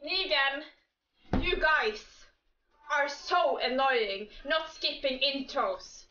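A gaming creator with a high-sitting voice speaks slowly in a pushed, bright tone, ranting casually and profanely about game characters in exasperation and often bursting into laughter. The recording is muffled with a little hiss or hum, made in an echoey room with a distant mic and faint music.

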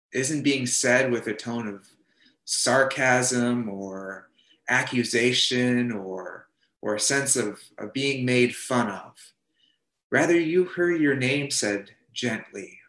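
A man's voice: mid-range voice, a bit bright. Guy preaching, tells the story like you're in it, acts out the lines, roomy echo. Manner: retells a story vividly, voicing the characters' lines, with some restarts. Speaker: pastor. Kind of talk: sermon, second-person storytelling. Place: church.

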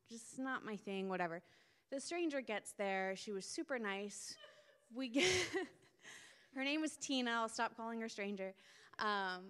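A young woman telling a casual testimony at a church gathering, chatty and self-deprecating, laughing often. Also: on the high side. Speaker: church member sharing a testimony. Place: church meeting room. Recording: echoey hall.

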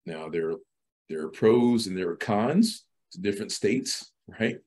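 A man's voice: on the low side, lively intonation, a little slow, a little mellow, husky. A middle-aged man as a podcast guest, talking casually with many restarts and repeated words. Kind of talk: casual interview talk.

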